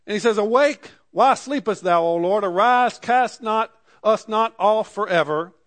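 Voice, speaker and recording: A man's voice: high-pitched, unhurried, fairly bright tone. A man preaching a sermon, reading scripture aloud and explaining it in everyday words. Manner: reads scripture aloud and paraphrases it in plain speech.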